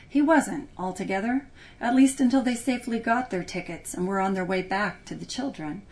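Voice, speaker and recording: A woman narrating a story in an expressive, lively reading style. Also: medium pitch, normal speed. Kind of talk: audiobook narration.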